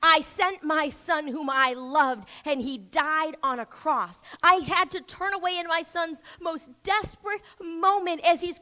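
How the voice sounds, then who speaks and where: Woman pastor, high bright voice, emphatic sermon that sinks into hushed prayer. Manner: emphatic preaching that drops to soft prayer.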